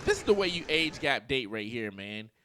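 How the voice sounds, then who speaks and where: A man's voice: medium pitch, sing-song, normal speed, noisy background. A man in his forties giving casual dating commentary, telling stories in slang and mimicking voices.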